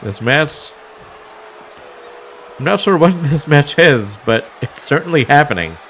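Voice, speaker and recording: A wrestling commentator calls a match play by play, wry and mocking, with an occasional chuckle. His voice is fairly high and fairly bright, animated but a little slow. There's slight background noise.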